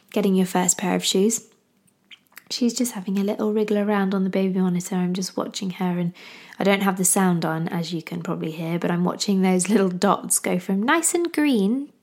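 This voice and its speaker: Young woman, podcast host, casual and rambling, fry in the voice, sometimes hushed. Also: fairly low pitch. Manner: hushed at times so a baby can sleep, rambling with many fillers. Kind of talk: casual chat to listeners.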